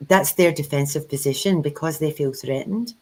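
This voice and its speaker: A woman's voice: sits low, moderate pace, low-quality recording. A woman co-hosting a spiritual chat, telling stories in a casual way and acting out the dialogue she quotes. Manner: animated storyteller who acts out quoted dialogue.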